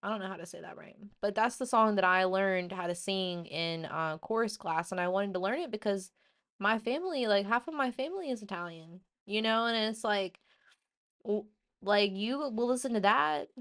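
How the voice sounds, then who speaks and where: A woman hosting a casual opinion show, ranting in an animated, blunt way with plenty of swearing. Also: medium pitch, normal speed. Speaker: host.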